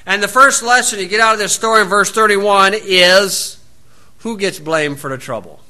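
A man's voice: high voice, normal speed, pushed and bright. A man preaching a sermon, reading scripture aloud and breaking in with folksy, sarcastic asides. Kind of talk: sermon, Bible reading with commentary.

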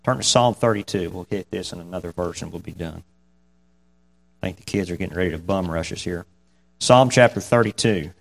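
A man's voice: low-pitched, a little fast, gravelly. A man preaches an informal sermon. He reads the old scripture wording, then talks through it in a plain, folksy way and chuckles between points. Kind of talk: casual sermon.

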